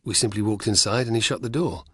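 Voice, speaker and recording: A man doing a nervous young Roman who talks his way out of trouble, sheepish and hurried, in a low, husky voice with a dry close sound. This audiobook reading keeps him plain and earnest. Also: a bit bright, no echo. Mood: relieved. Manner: sheepish, explaining.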